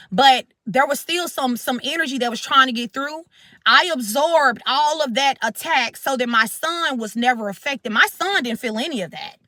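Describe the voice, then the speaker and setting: A woman's voice: high voice, bright, forceful tone, no echo, studio quality. A woman hosting her spiritual channel, telling a dramatic story to her viewers in a casual, repetitive way, calling them "collective". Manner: dramatic, repeats herself, addresses viewers as collective.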